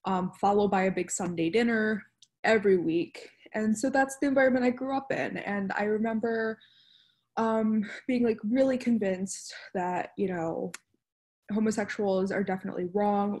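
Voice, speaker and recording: A woman's voice: medium pitch, moderate pace, a little mellow. Young woman recounting reflectively. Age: young adult. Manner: reflective, personal recounting with fillers. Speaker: student panelist. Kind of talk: casual podcast discussion.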